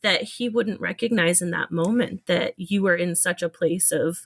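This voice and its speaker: A woman's voice: fairly low pitch, gravelly. Woman podcast host, affirming listener. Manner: warm affirming listener, quick agreeable replies. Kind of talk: casual conversational interview.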